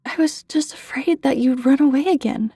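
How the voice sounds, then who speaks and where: A woman voicing a big, kindly male police officer with a calm, wry manner. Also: high voice, normal speed, dry recording, studio quality, pitched above the performer's own voice, lightly acted.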